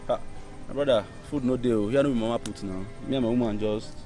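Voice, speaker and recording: An actor with a Nigerian accent playing a broke, proud young man who blusters and slips into Pidgin banter, with soft music under the film. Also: medium pitch, quick pace, close to an everyday voice. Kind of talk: Nollywood film acting.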